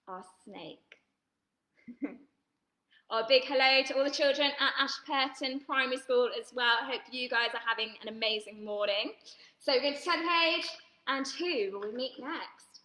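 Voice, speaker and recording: A woman leading an online drama workshop, reading a picture book aloud to children in a lively, encouraging way. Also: on the high side. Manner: lively, animated, giggly, encouraging. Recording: roomy echo.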